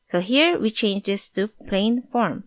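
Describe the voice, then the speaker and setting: Woman language teacher, clear patient delivery, mid pitch, dry close sound. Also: lively intonation, measured pace, dry recording. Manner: clear, patient explanation, switching into example sentences. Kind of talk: explaining grammar with examples.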